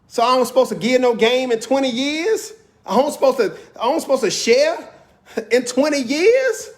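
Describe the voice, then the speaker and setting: A man's voice: very high voice, expressive, normal speed. A man hosting a video, talking in an impassioned, preachy monologue with African American Vernacular English, repeating phrases for emphasis. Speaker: video host.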